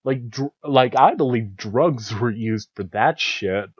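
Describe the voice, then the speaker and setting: A man's voice: medium pitch, takes it slowly, slightly rough, no echo, lo-fi sound. A man hosting a casual solo podcast, telling stories with a lot of swearing and sudden angry outbursts. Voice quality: profane, animated storytelling with sudden outbursts. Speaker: podcast host.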